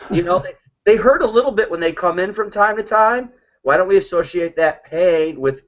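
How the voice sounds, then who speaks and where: Man, slightly high voice, joking storyteller, casual group-call chat, muffled lo-fi audio. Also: expressive, normal speed. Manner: joking storyteller acting out quotes.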